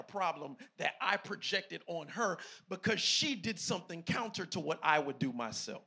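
A man in his thirties with a husky, gravelly voice preaches to his congregation. His tone is higher than most men's and bright, and he swings between soft asides and loud, ringing bursts. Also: animated, moderate pace, few pauses. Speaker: pastor. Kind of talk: sermon.

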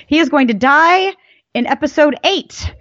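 A woman's voice: sits high, unhurried, no echo. Emphatic woman with a dull, dry mic sound. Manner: animated, emphatic storyteller, voice jumps up for emphasis. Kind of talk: casual fan chat.

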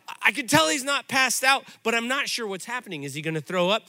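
A middle-aged man pastor giving a sermon, telling stories in an animated, conversational way. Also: sits high, a little fast.

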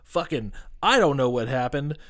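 A man co-hosting a podcast in casual chat, animated, swearing freely and acting out characters' lines as he recaps. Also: mid-range voice, moderate pace, no echo, studio quality. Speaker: podcast co-host.

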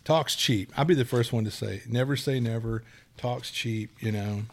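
A man's voice: mid-range voice, normal speed, creaky. A middle-aged man co-hosts a casual podcast in an ordinary mid-range voice. He rambles through anecdotes and slips into quoted dialogue as he goes. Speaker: podcast co-host.

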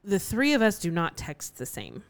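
A woman co-hosting a podcast in casual chat, full of quick agreement sounds and easy laughs. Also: mid-range voice, wildly swooping pitch, dry recording. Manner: chatty, frequent backchannel, quick laughs. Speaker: podcast co-host.

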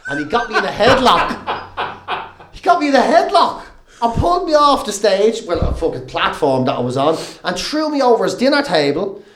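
A man's voice: high voice, fairly quick, roomy sound, slight background noise. An Irish man, a comedian and radio presenter, telling swearing-laced anecdotes in casual chat. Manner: swearing, animated anecdotes, laughing. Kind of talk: casual podcast chat, storytelling.

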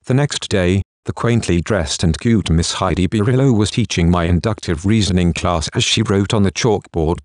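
Deep-voiced man reading a novel aloud. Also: moderate pace, hardly any pauses, no room sound, clean studio sound. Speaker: audiobook narrator. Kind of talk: first-person novel reading.

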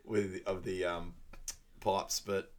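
Low-voiced man recapping a movie. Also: little pitch movement, slow pace. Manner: laughs at his own retellings, acts out quotes. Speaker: podcast co-host. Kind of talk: casual movie recap chat.

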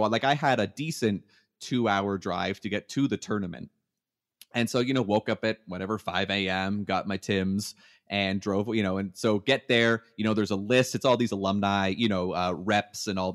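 A Canadian man with a somewhat low voice tells long, rambling stories. He hesitates often, fills gaps with ums and restarts his sentences. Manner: hesitant, many fillers and restarts. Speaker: guest. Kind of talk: casual storytelling.

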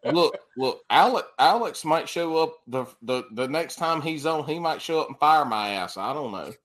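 A man hosting a podcast, bantering crudely and laughing loudly with his guests. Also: a little high, expressive, normal speed. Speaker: podcast host. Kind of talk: casual chat.

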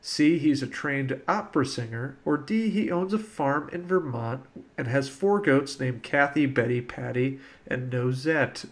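A man hosting a casual podcast quiz, reading out questions and laughing now and then. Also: mid-range voice. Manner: reads questions with quick laughs. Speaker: quiz host.

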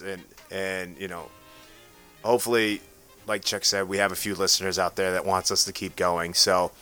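Chatty male podcast host, bright voice. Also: deep voice. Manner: chatty, stumbling restarts. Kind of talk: casual podcast chat.

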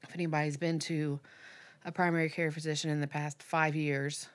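A woman in her thirties, a podcast guest telling a personal story candidly, with halting restarts and fillers. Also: deep voice, flat delivery.

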